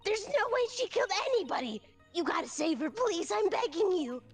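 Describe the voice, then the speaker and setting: A woman's voice: very high voice, sing-song, fairly quick, faint music behind, pitched above the performer's own voice, exaggerated voice. A woman voicing a peppy young entertainer who pleads urgently, in a fan voice-over of a game. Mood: pleading.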